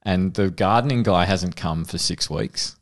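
Low-voiced male podcast co-host, casual anecdotes, quick to laugh. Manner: storytelling, laughing often. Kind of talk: casual chat.

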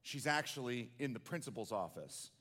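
A man's voice: mid-range voice, lively intonation, moderate pace, pushed and bright, long reverb tail. A man voicing a schoolteacher who speaks in a plain, matter-of-fact way.

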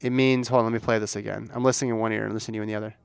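A man's voice: lowish voice, flat delivery, very fast, vocal fry, clean tone, no room sound. Playful man quizzing his co-host. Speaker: podcast co-host. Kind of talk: casual chat.

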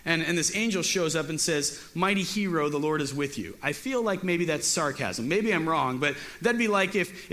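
A man's voice: sits high, pushed and bright. A man teaching a casual Bible lesson as a youth pastor. He is chatty and joking and often repeats his words.

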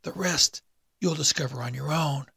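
A man voicing an undead male hangman with a dry, raspy, whispery voice, speaking slowly and with menace. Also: on the high side, sharp tone, no echo, pitched above the performer's own voice, exaggerated voice. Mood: mocking. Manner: slow, menacing.

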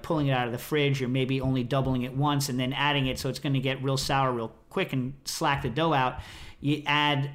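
A man's voice: medium pitch, fairly bright tone. A middle-aged American man hosting a podcast, chatting casually in a rambling, self-interrupting way. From United States. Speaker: podcast host.

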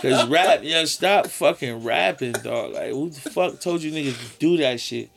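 A man's voice: a little high, expressive, normal speed, creaky, few pauses, fairly bright tone. A man co-hosting a casual podcast, ranting emphatically with lots of profanity and laughter. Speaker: podcast co-host.

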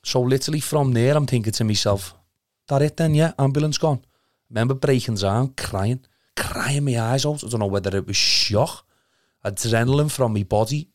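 A man's voice: mid-range voice, moderate pace, dry recording, clean studio sound. A young man with a Liverpool accent telling an emotional story in casual chat, rambling, earnest and swearing a lot. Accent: Liverpool (Scouse). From Liverpool, England.

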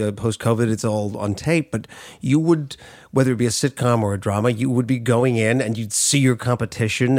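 A man's voice: mid-range voice, darkish tone, no room sound. Brief: male host, conversational, reminiscing, dry close recording. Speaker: podcast host. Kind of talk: casual chat.

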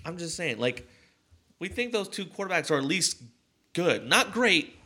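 A man co-hosting a sports podcast in casual chat, animated and quick to act out other people's words. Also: high voice. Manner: animated, acts out quotes in a mock calm voice. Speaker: podcast co-host.

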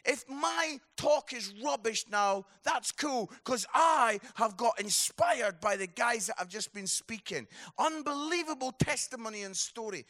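A man's voice: very high-pitched, bright, forceful tone. A Scottish man preaching a passionate sermon at a conference, emphatic and repeating his key phrases.

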